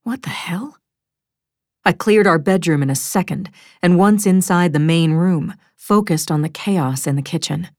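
A woman reading a first-person thriller audiobook in a measured, wry storytelling manner, close to a studio mic. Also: fairly low pitch, a little mellow, no room sound. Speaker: audiobook narrator.

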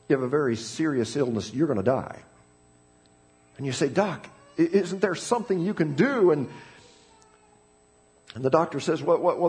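Animated preaching man, dramatic swings. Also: fairly high pitch. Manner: dramatic storytelling, swings between loud emphasis and hushed tones. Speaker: pastor. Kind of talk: sermon. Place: church sanctuary.

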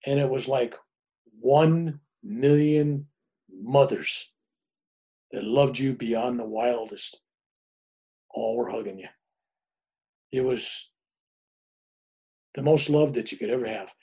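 A man's voice: medium pitch, measured pace, long pauses, husky. An older man, a reverend, telling a long personal story in a casual way and acting out the voices of the people in it. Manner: animated storyteller, acts out quoted voices. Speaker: guest, reverend.

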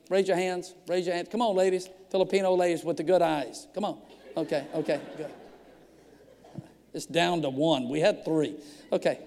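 Animated preacher telling stories in a hall. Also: male voice, high-pitched. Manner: animated storyteller acting out dialogue. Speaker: pastor. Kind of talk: storytelling sermon. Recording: long hall reverb.

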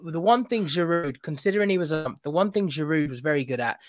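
A man's voice: on the high side, expressive, fast, no room sound, clean studio sound. A man giving opinions on a football podcast call, often repeating words as he talks. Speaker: podcast panelist. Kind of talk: casual football chat.

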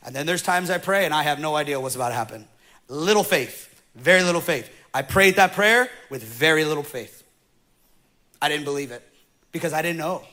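A man with a high, bright voice preaches to his church. He tells a personal story in a low-key way before building to loud, passionate preaching. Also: fairly quick. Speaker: pastor. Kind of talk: sermon.

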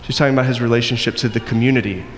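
A man's voice: medium pitch, steady tone, very fast, creaky. Man preaching in an echoing hall. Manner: acts out quoted voices, varies loudness widely. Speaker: pastor. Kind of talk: sermon. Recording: long echo in a hall, faint noise.

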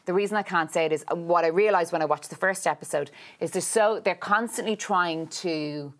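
A young adult woman, an actor, chatting as an interview guest, talking in quick loops with lots of restarts and "like". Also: lowish voice. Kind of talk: casual interview chat.

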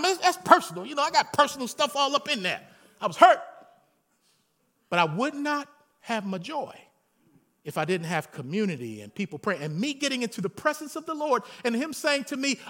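A man, a pastor, preaching a sermon in an animated, folksy way, telling stories with humor and rising to shouts. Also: very high-pitched.

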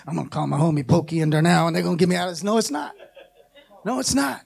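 A man preaching a sermon as pastor, with call-and-response and passages that climb into shouted, half-sung pleas. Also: on the high side, rapid-fire, gravelly, breathy edge.

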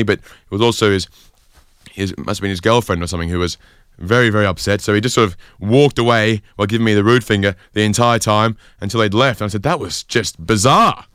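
A young man hosting a podcast, telling a rambling comic story in a deadpan way. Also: on the low side, clear, resonant tone, dry recording, clean studio sound. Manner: rambling, deadpan, lots of fillers. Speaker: podcast host.

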